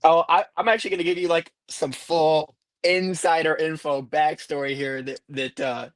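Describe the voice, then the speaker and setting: A man talking as a guest racer on a casual live stream, telling animated stories and laughing often. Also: a little high, normal speed, dry recording.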